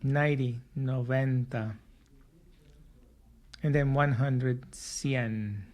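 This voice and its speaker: A man's voice: mid-range voice, fairly even intonation, drawn-out words, highs cut off. A man teaching a spoken lesson for learners, patient, repeating and drilling each word. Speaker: language teacher.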